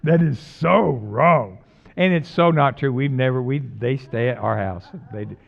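Casting: middle-aged man, pastor, folksy storyteller, mid-pitched voice, slightly muffled recording. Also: a little slow, creaky. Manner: folksy, jokey, swings between loud emphatic preaching and quiet asides. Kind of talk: conversational sermon with stories.

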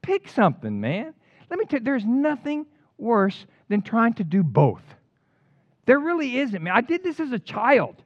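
An older man preaching a sermon in an animated storytelling way, with casual slang. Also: very high voice, a little slow, dry recording. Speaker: pastor. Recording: dull lo-fi dry recording.

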